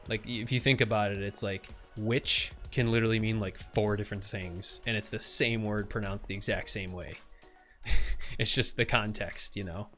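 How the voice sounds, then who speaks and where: A man's voice: on the low side, steady tone, moderate pace, a bit bright, soft background music. Playful, chatty man. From USA. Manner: playful, chatty, with goofy sound words. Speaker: streamer. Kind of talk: casual livestream chat.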